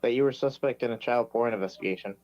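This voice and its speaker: A man's voice: mid-range voice, fast talker, darkish tone, lo-fi sound. A man arguing defensively in a heated panel discussion, insisting that he cares and repeating his points.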